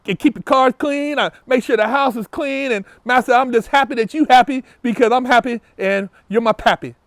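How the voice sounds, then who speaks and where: A man's voice: extremely high pitch, fairly quick, no echo, clean studio sound, pitched above the performer's own voice. A man putting on the voice of a groveling, servile man who is eager to please, in a fawning sing-song.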